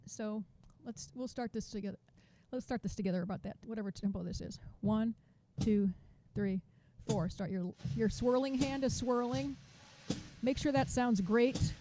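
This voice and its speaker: A woman teaching a drum masterclass over a video call, chatty and counting beats out loud. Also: on the high side, fairly even intonation, moderate pace, noisy background. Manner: chatty, restarts sentences, counts beats aloud.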